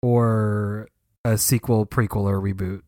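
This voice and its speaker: A man on a casual podcast panel, speaking in a measured, matter-of-fact way. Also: on the low side, flat delivery, warm tone, dry recording, studio quality. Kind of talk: casual chat.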